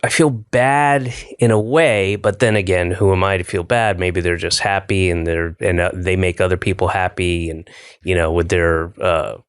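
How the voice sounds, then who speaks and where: An older American man hosting a podcast, talking bluntly in a halting way with lots of fillers and restarts. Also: low-pitched, steady tone, smooth, dry recording, studio quality. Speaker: podcast host. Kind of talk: casual chat.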